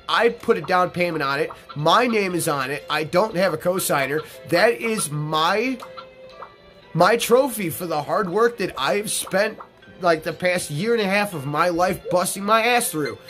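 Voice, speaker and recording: A man's voice: on the high side, a bit bright. A man commentating on gameplay in a casual, rambling way, swearing freely and filling his talk with ums and restarts. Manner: rambling and profane, with many fillers and restarts. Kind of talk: casual let's-play storytelling.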